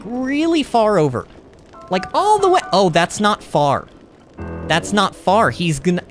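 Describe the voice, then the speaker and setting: A man streaming a video game live, chatting playfully with viewers and getting easily alarmed at what happens on screen. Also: high voice. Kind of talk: live gameplay commentary.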